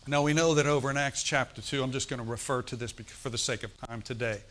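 A man's voice: mid-range voice, fairly even intonation, fast, fairly bright tone, a little hiss or hum. A middle-aged male preacher, telling a story and calling out to the congregation in a sermon. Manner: storytelling, asks the congregation for responses.

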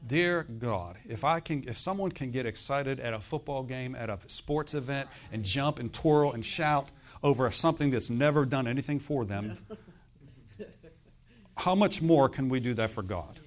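A man's voice: medium pitch, moderate pace. A middle-aged man preaching a sermon in a conversational way, often checking in with "okay?" and "amen?". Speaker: pastor.

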